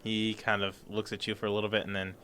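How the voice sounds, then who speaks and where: A man's voice: lowish voice, flat delivery, fast talker, sharp tone. A man narrating as game master in a tabletop game, rambling with many ums and restarts. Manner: rambling, lots of fillers and restarts.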